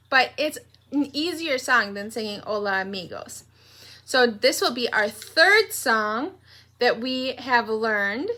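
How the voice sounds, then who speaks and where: A young woman leads a preschool morning meeting in a high, bright voice, speaking slowly and clearly to small children. She is gentle and sing-song, with a teacher's patient rhythm. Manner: slow, gentle and sing-song, breaking into cheerful songs. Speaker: pre-K teacher.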